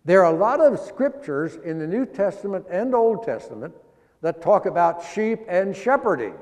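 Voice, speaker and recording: A man preaching a sermon, explaining scripture line by line in a folksy, teaching way and slowing down to stress the verses. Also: high-pitched, very animated, a little mellow, long reverb tail. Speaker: pastor.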